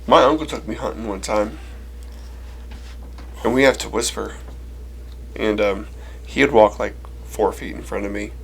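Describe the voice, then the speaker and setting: A man's voice: lowish voice, moderate pace, vocal fry, long pauses, slight background noise. A man telling funny childhood stories on a casual podcast, acting out the voices and laughing. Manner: animated storyteller who acts out quotes and laughs. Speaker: co-host.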